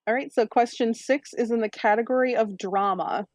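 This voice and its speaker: A woman hosting a trivia podcast, reading out questions in a brisk, upbeat quizmaster manner. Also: fairly high pitch, no echo. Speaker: quiz host.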